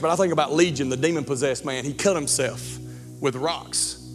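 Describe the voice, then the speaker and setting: Pastor guy in his 40s, high bouncy voice, jokes around, stumbles on words, echoey church hall. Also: a little fast. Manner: animated, joking asides, stumbles over words. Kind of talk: sermon. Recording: church hall reverb with faint music.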